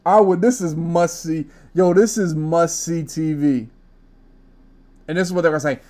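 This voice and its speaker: A man's voice: on the high side, moderate pace, mellow. A young man hosting a casual gaming podcast, talking brash, profane trash talk. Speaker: podcast host.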